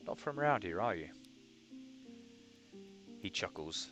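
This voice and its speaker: A man with a low voice talks his way through a role-playing game. He reads the game text aloud in a wry, offhand manner. Guitar music plays clearly under him. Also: very animated, unhurried, long pauses. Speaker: gamer. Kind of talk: let's play commentary.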